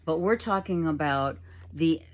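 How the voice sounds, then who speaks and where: A middle-aged woman giving a casual tarot reading at home, talking softly and rambling, with many fillers. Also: low-pitched, a little slow. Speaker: tarot reader. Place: home, with a child heard in the background.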